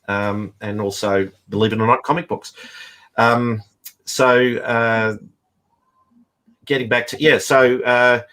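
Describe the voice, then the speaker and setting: A man's voice: fairly low pitch, a bit bright. A middle-aged man who writes and teaches comics, talking casually in a rambling way full of fillers and restarts. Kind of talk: casual chat.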